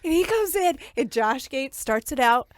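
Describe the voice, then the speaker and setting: High, bubbly female podcast host. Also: moderate pace, dry recording, clean studio sound. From United States. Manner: giggly, animated storyteller. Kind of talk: casual podcast chat.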